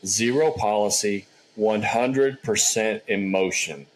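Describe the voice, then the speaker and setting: A man's voice: fairly low pitch, slow pace, a little hiss or hum, rough recording. A man hosting a casual remote podcast chat, talking easily and laughing often. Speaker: podcast host.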